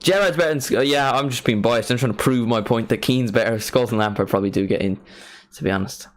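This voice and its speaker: A young man casually commentating a live football watchalong, chatting and bursting into excited reactions. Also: mid-range voice, fast talker. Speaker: streamer hosting a match watchalong.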